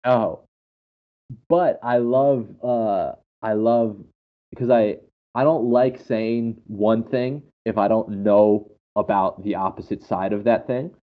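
A man chatting casually and telling animated, laughing stories. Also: fairly low pitch, slow. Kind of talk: casual chat. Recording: dull lo-fi audio.

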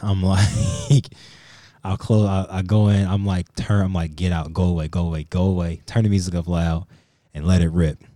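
A man's voice: low voice, normal speed, no echo. A man on a podcast, casually telling a profane story and acting out what people said. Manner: profane, animated storyteller who acts out quotes. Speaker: podcast co-host.

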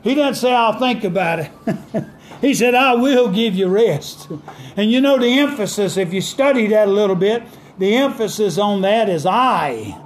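A man preaching a sermon with fervent call-and-response delivery, dramatic pauses and emphatic scripture quotes. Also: sits high, expressive, a little hiss or hum.

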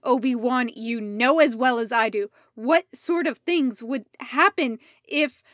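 A woman voicing an angry young male clone soldier who shouts harshly and demands answers. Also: a little high, takes it slowly. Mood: furious.

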